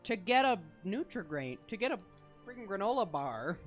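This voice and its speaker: A man's voice: high-pitched, very animated, normal speed, a bit bright, faint music behind. A man teasing his friends in casual gaming banter over voice chat. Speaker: gamer on stream.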